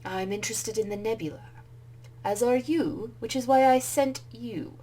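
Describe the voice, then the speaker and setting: A woman voicing a stern, impatient older woman professor who asks sharp, demanding questions. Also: fairly high pitch, moderate pace, a little hiss or hum, lightly acted, rough recording.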